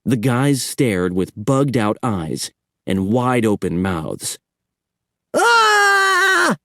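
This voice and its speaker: A man narrating a horror audiobook in a measured storytelling manner. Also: fairly low pitch, animated, a little mellow, no room sound, clean studio sound.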